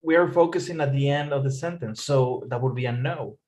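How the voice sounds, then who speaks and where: A man's voice: mid-range voice, a little fast, darkish tone, low-quality recording. A man tutoring English over a video call, explaining patiently and repeating key points. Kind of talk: online tutoring session.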